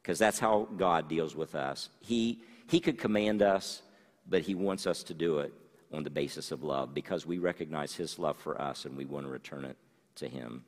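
A man's voice: rumbling low, moderate pace, in a large hall. A man preaching a sermon, reading scripture aloud and then explaining it to his congregation. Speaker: pastor.

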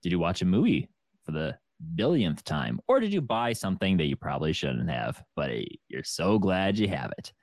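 A man hosting a podcast in casual chat, upbeat and quick to laugh. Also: low voice, no room sound, studio quality. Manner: upbeat, laughing, lively presenter. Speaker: podcast host.

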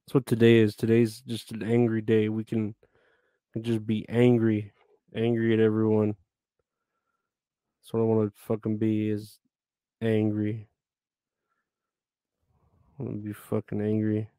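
Dude streaming live, cussing and grumbling, flat slow drawl, dark smooth voice. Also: male voice, fairly low pitch, dry recording. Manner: grumbling, swears a lot, rambling. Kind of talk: casual live-stream chat with viewers.

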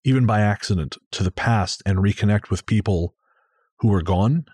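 A man with a fairly low voice talking casually on a podcast, stopping and restarting his sentences as he searches for words. The sound is dry and close, with little room echo. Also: darkish tone, slightly rough. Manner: halting, with restarts and self-corrections. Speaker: podcast co-host. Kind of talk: casual chat.

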